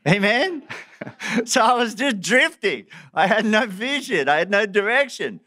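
A man's voice: sits high, unhurried. A man preaching a sermon, joking at his own expense and laughing often. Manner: self-mocking, animated, laughs often.

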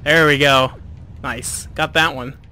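A man giving relaxed, chatty, self-deprecating commentary while playing a video game. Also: mid-range voice, takes it slowly, slight background noise. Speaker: let's play host. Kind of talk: casual gameplay commentary.

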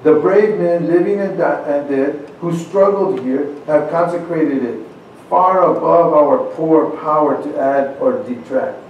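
A man's voice: on the high side, highs cut off, slight background noise. Earnest man in a very echoey hall. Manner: earnest, halting, repeats words as he restarts. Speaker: church speaker. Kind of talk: address to a congregation, reading founding documents aloud. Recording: very echoey room, speaker far from mic.

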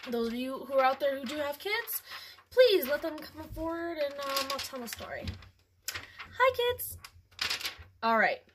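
Give me a woman host reading a kids' story, slow and lively. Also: on the high side, slight background noise. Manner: animated, with ums and throat clearing. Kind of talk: casual chat then storybook reading.

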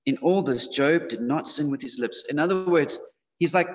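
A man with a somewhat high voice preaches to teens in a loose, chatty way, dropping fillers as he goes. The sound is dull and slightly muffled, and his words ring out with a long tail of reverb from the hall. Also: moderate pace. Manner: casual, conversational, with frequent fillers. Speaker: youth preacher. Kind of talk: sermon to teenagers. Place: church hall.

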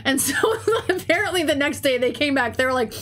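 A young woman who is a teacher and game streamer chats casually on her stream, telling stories packed with "like" and swearing. Her voice is high-pitched, fairly quick, and a bit bright, and she has a stuffy, runny nose.

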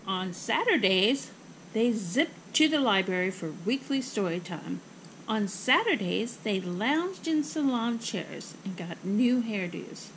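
A woman reading a children's picture book aloud with expressive, rhythmic phrasing. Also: fairly high pitch, creaky, slight background noise, low-quality recording. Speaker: storybook reader.

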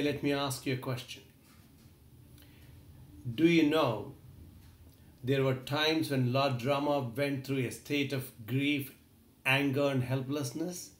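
A man's voice: mid-range voice, reverberant. A man giving an earnest motivational talk, retelling an old epic and addressing the listener directly. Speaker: motivational speaker. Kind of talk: storytelling talk.

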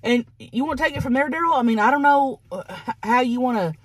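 Animated crude storytelling woman. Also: high-pitched, quick pace, no room sound. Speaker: vlogger. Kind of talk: casual storytelling while eating.

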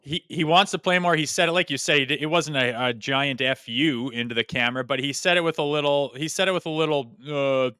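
Fast, bright-voiced blunt male podcaster. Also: fairly high pitch, fairly even intonation, smooth, dry recording, studio quality. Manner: blunt, opinionated, swears freely; self-described ornery. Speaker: podcast co-host. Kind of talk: casual sports podcast chat.

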